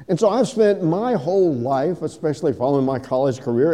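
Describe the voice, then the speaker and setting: Male preacher, warm and mellow, big hall echo; jokey then solemn. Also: fairly high pitch. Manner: joke-telling, then slow and solemn. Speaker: pastor. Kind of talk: sermon. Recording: echoey hall reverb.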